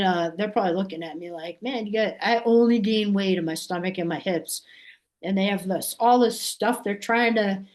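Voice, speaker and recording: A woman from Massachusetts, a podcast guest, telling a story in a loose, rambling way, full of fillers and restarts, and acting out what others said. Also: medium pitch. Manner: acts out quoted voices animatedly. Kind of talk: casual storytelling.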